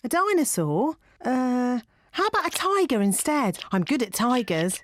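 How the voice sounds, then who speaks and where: A woman's voice: fairly high pitch, sing-song, unhurried, no echo, studio quality. A chirpy cartoon rabbit lady. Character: busy, cheerful woman rabbit.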